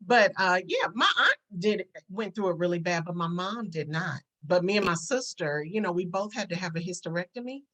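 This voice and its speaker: A woman on a talk show panel, chatting casually and chiming in with quick affirmations. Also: lowish voice, expressive, fairly bright tone. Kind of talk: casual chat.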